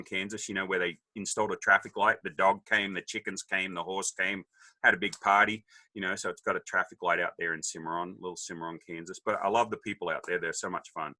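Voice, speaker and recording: A middle-aged Australian man, a podcast guest, telling stories in a jokey, animated way and acting out the voices of people he quotes. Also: sits low, no echo. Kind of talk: casual storytelling.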